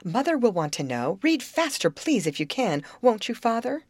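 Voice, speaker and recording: Casting: a woman doing an eager, pleading teenage girl in a storybook reading, lively and rising, close and dry. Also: fairly high pitch, moderate pace, no room sound, voice pushed up.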